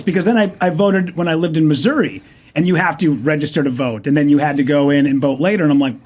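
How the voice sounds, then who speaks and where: Wry, husky podcast guest. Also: mid-range voice, fast, darkish tone. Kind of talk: casual chat.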